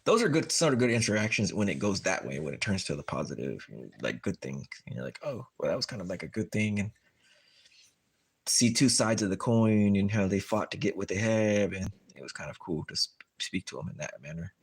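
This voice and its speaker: Man with a lowish voice, livestreamer, casual rambling chat, lots of fillers. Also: very animated, a little fast, breathy edge. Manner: rambling storytelling full of fillers and "like". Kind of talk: casual chat while tying fishing jigs.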